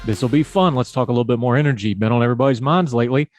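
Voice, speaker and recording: A man's voice: mid-range voice, racing, over loud music. A man with a Southern US hillbilly accent hosting a podcast, talking politics in a folksy, conversational way. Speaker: podcast host. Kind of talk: casual political talk.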